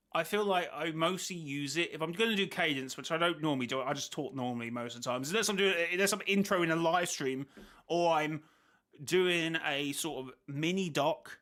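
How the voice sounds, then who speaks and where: A man's voice: on the high side, brisk, bright, forceful tone. A man hosting a casual reaction stream, rambling and second-guessing himself as he thinks aloud. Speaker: host reacting to a video.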